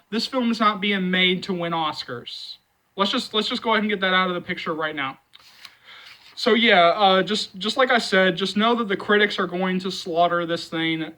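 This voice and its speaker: Bright-voiced man rambling through movie commentary. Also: high-pitched, rough recording. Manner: rambling, repeats himself, many fillers; emphatic, reassuring fans. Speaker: movie channel host. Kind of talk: casual commentary vlog.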